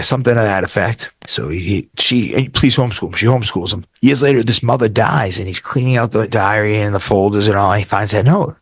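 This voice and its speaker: A man's voice: fairly low pitch, brisk, hardly any pauses, breathy edge, no echo. A man speaking as a guest in an interview, blunt and candid, casually swearing while he tells stories. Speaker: guest, financial advisor and mentor.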